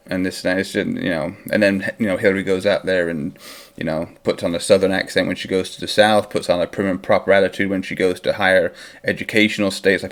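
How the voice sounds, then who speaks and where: A man hosting a football watchalong stream, talking in a rambling, opinionated, casual way. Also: sits low. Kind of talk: casual live-stream chat.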